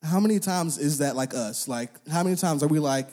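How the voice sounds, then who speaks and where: Young man, preacher, casual sermon, slangy and conversational, slightly higher voice. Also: a little fast. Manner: conversational, uses slang and filler words; animated, acts out quoted voices.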